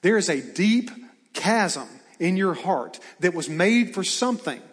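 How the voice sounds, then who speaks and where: A man's voice: high-pitched, big pitch swings, unhurried, in a large hall. A man preaching a sermon, asking rhetorical questions and reading scripture aloud. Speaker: pastor.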